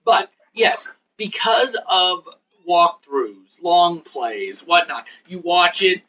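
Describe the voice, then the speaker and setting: A man's voice: sits high, big pitch swings, takes it slowly, bright, forceful tone, far from the mic, slight background noise, low-quality recording. A man hosting a casual chat, explaining at length in a rambling way. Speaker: host.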